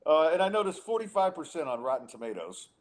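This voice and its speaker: A man's voice: a little high, sing-song, fast talker. Exasperated male podcast host, ranting. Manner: exasperated, sarcastic, many restarts. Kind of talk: casual ranting chat.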